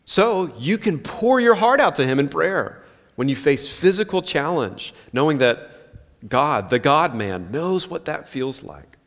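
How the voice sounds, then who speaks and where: A man's voice: on the high side, big pitch swings, a little slow, fairly bright tone. A pastor in his thirties giving an earnest, conversational sermon full of rhetorical questions. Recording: long hall reverb.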